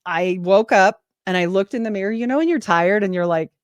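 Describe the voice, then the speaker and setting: Lively woman telling stories, dry mic. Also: mid-range voice, a little fast, dry recording. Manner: lively storyteller, acts out what others said. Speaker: podcaster and nurse, interview guest. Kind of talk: casual storytelling chat.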